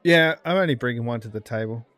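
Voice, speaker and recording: A man co-hosting a casual home-brewing pub chat over a video call, telling stories in a relaxed, joking way. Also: medium pitch, fast talker, dry recording. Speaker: podcast co-host.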